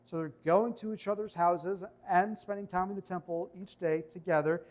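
A male pastor giving a conversational sermon in church, slowing down to read scripture. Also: high voice, fairly even intonation, a little mellow. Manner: conversational preaching, reads scripture slowly.

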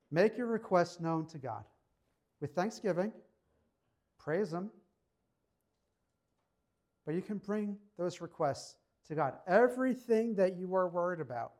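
A young man preaching a sermon in a relaxed, conversational way, slowing down when he reads scripture. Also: on the high side. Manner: conversational preaching, slows to read scripture aloud. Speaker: pastor.

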